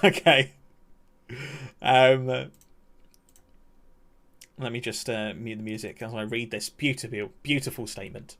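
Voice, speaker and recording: A man's voice: medium pitch, takes it slowly, long pauses, sharp tone. A young man, chatting casually on a live stream, laughing often and ranting in mock outrage.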